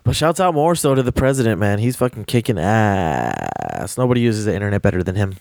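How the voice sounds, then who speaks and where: A man's voice: medium pitch, lively intonation, racing, darkish tone, no echo, clean studio sound. A young man co-hosting a podcast in a laid-back, crude, jokey way. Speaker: podcast co-host. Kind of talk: casual chat.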